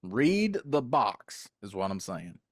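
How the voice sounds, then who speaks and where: A man's voice: fairly low pitch, very animated, slow pace, no room sound, studio quality. An older man co-hosting a podcast, joking in a folksy way and talking to his chat. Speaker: co-host. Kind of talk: casual podcast banter.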